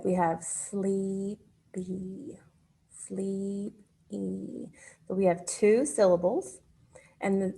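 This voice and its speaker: A woman teaching a phonics lesson to children, speaking patiently and pausing for their answers. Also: medium pitch, mellow.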